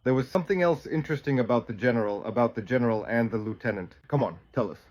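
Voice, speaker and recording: A man's voice: medium pitch, quick pace, darkish tone, dry recording, muffled recording. A man co-hosting a comedy show, chatty and encouraging. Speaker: co-host. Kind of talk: casual joke telling.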